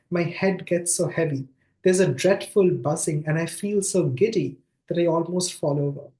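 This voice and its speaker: A man reading aloud the quoted lines of an anxious eighteen-year-old woman, in a plain voice pitched slightly higher than his own. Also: darkish tone, natural voice. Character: anxious young woman, eighteen, breathless with nerves. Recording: echoey room sound.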